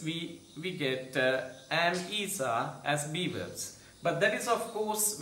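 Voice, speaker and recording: A man teaching an online English grammar lesson, explaining slowly with many "uh" fillers, then saying example sentences with clear rising and falling intonation. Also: sits high, a bit bright, reverberant.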